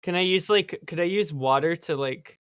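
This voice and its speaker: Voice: medium pitch, moderate pace, fairly bright tone, smooth, dry recording. Laughy player stumbling thru their turn, dry close mic. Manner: giggly, stumbling, restarts often. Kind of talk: casual tabletop game play.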